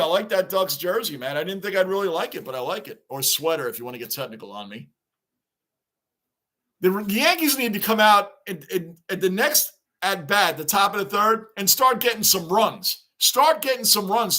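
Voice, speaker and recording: A high-pitched man talks casually through a live baseball stream. He chats with his viewers and reads their comments out loud. He sounds like a frustrated fan watching his team. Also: lively intonation, normal speed. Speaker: live stream reaction host.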